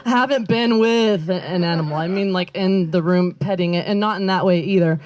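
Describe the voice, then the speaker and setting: A Northern California woman performs a stand-up set outdoors in a backyard, rambling and self-deprecating, with plenty of fillers and her own laughter. Her voice is fairly low, a little fast and darkish, and the audio is dull.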